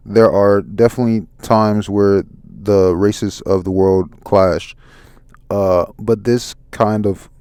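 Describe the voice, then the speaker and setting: A man reading out a calm scholarly woman's comic lines in his own halting voice. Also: lowish voice, clear, resonant tone, no echo, clean studio sound. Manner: plain read-aloud voice, halting. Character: calm scholarly woman explaining ancient history.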